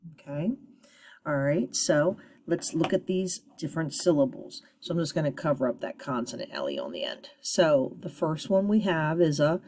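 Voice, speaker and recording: A woman teacher giving a phonics lesson to children, sounding out syllables slowly and encouragingly. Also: low voice, mellow.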